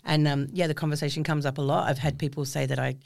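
Middle-aged guest, gravelly mid-pitched voice, measured and reflective, dry sound. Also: little pitch movement, dry recording. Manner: thoughtful, measured, with frequent pauses. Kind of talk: casual conversation.

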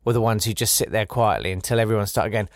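A man hosting a comedy podcast, delivering a sardonic satirical monologue, swinging between loud bursts and quiet asides. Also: lowish voice, fast talker, no room sound, clean studio sound.

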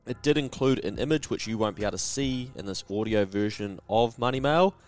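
A man's voice: lowish voice, fairly quick, soft background music. A man with a New Zealand accent hosting a podcast lesson in a casual, chatty, slangy and emphatic way. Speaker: podcast host.

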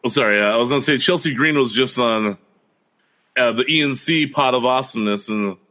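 Bright-voiced, teasing man. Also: medium pitch, brisk. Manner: teasing, corrects his co-host. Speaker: podcast co-host. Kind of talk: casual wrestling chat.

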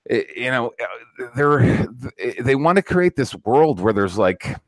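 A man's voice: medium pitch, sing-song, measured pace, no echo. A man hosting a podcast, talking in a blunt, profane, ranting way during casual political chat. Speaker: podcast host.

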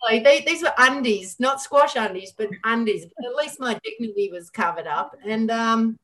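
A middle-aged woman, a guest on an interview show, telling a lively story full of quoted dialogue. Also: on the high side, normal speed. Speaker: guest, former squash champion.

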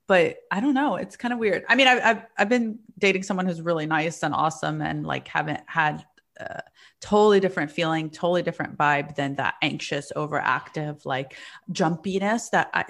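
A woman comedian from the United States joins a casual podcast conversation as a guest. She talks frankly and with an upbeat, reflective manner. Her voice sits a little lower than most women's. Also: a bit bright. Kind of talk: casual chat.

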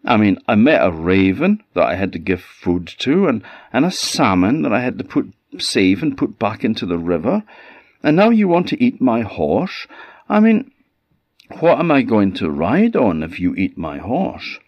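A man's voice: lowish voice, huge pitch swings, moderate pace, dry recording, pitched above the performer's own voice, heavily acted. Man doing the earnest young ash lad. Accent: Orcadian. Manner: earnest, hesitant. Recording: slightly dull audio.

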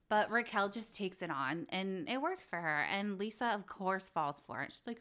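A woman's voice: mid-range voice, measured pace, a bit bright. A young woman hosting a podcast, gossiping about reality TV in a chatty, exasperated way with lots of "like". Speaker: podcast host. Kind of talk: casual reality TV recap.

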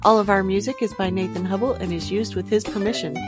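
A woman's voice: medium pitch, quick pace, over music. A woman host reading a short podcast announcement in a friendly, plain way. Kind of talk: scripted podcast outro.

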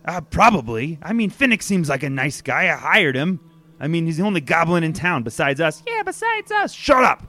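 A man's voice: a little high, wildly swooping pitch, moderate pace, sharp tone, voice pushed up, exaggerated voice. A man voicing two small foul-mouthed goblins hiding in a human suit, snarling threats and squabbling with each other.

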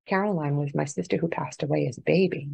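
Middle-aged woman, podcast guest, low gravelly voice, earnest storyteller, dry close sound. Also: fast talker. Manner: earnest, swinging between hushed and excited. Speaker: guest, author and paranormal investigator. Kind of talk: emotional personal storytelling in a podcast interview.

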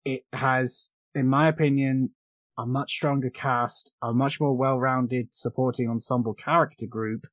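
A British man hosting a podcast, talking casually about a film with quick asides and frequent laughs. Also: medium pitch, fairly even intonation, dry recording. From Britain. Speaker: podcast host.

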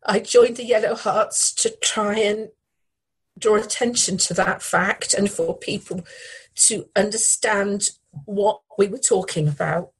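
A middle-aged woman, a bereaved widow, speaking in an interview in a halting, grieving way and repeating her words. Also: medium pitch, fairly even intonation, breathy edge, rough recording. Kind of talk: emotional news interview.

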